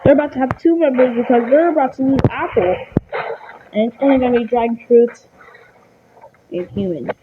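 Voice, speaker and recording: A woman's voice: high voice, fairly quick, pauses often. A woman hosting and narrating a homemade cartoon show, rambling with many fillers and restarts. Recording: muffled lo-fi recording, clear hiss.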